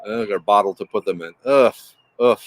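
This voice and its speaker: A man's voice: lowish voice, normal speed, slight background noise. A man hosting a casual livestream, rambling with frequent restarts and greeting viewers in the chat by name. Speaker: livestream host.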